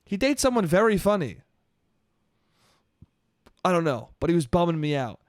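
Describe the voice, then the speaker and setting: Exasperated high-voiced man ranting. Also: big pitch swings, normal speed, dry recording, studio quality. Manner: profane, exasperated storytelling with frequent "dude". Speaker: podcast host. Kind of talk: solo comedic monologue. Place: New York.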